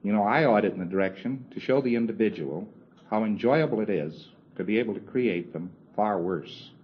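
A man's voice: fairly low pitch, fairly quick. A man giving a recorded lecture in a conversational, wry way, acting out little exchanges and chuckling as he goes. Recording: dull lo-fi old tape with faint hiss.

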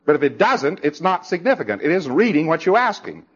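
A man's voice: a little high, very animated, fairly quick, husky, dull audio. Emphatic man lecturing on old tape. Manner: emphatic, with wry sarcastic asides. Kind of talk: lecture to a congress audience.

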